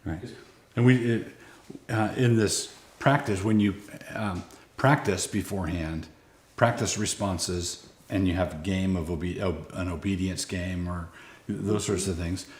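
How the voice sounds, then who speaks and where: A man's voice: low-pitched, fairly even intonation, a little slow. An older man, a grandfather, explaining parenting practice casually, with hesitations and restarts. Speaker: parenting speaker. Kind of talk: casual conversational advice. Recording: roomy echo.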